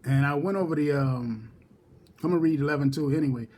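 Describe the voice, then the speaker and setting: A man with a husky, somewhat high voice leads a relaxed scripture study. He calls out each chapter and verse more than once, then reads the passage slowly and deliberately. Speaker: Bible study teacher.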